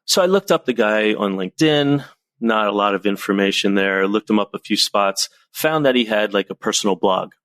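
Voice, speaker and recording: A man coaching on presentations, telling lively anecdotes as a podcast guest. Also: on the low side, moderate pace, no echo. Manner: lively storyteller, animated anecdotes. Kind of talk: casual podcast conversation.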